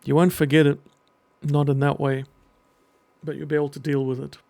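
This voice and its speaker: A middle-aged man speaking earnestly and emotionally in a personal message to camera, pausing often as he talks. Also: a little high, flat delivery, vocal fry, darkish tone, no echo. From half Greek. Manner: earnest, halting, emotional, with pauses. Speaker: vlogger and children's book writer.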